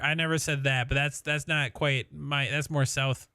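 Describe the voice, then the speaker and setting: A man's voice: a little high, moderate pace, sharp tone, clean tone, no room sound, clean studio sound. A man with a Midwestern accent chatting casually on a live stream, rambling and laughing as he talks. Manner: rambling, laughing, swears freely.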